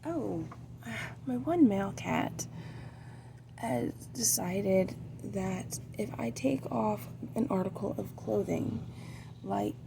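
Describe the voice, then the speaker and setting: Middle-aged woman, casual vlog chat, rambling and hesitant, very gravelly, slow, noisy background. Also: medium pitch, expressive. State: tired. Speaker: vlogger.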